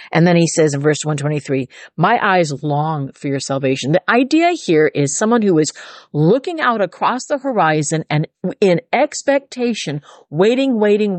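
Lively woman teaching the Bible. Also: fairly low pitch, dry recording. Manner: animated, acts out the psalmist's lines, laughs often.

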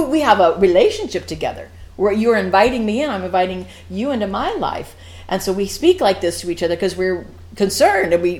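Woman preacher, conversational sermon, animated pitch, quick to laugh. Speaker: women's Bible teacher.

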